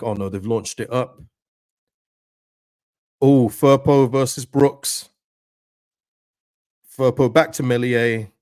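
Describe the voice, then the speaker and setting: A man hosts a live football watchalong, talking in an ordinary mid-range voice. He swings between excited reactions and pleading with the players, and reads out and answers his viewers' messages. The sound is dry, with no room echo. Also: medium pitch.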